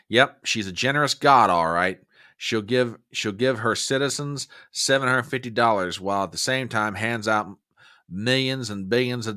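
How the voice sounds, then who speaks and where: A middle-aged man hosts a live stream and talks straight to his viewers. His voice is bright and forceful, and he rants with heated emphasis while reading their comments. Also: fairly low pitch. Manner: emphatic, ranting, swings from warm to furious. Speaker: host.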